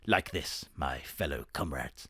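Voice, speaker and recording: A man voicing a smug, gloating male communist sleeper agent in a low, hushed tone. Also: unhurried, husky, no room sound, studio quality, heavily acted.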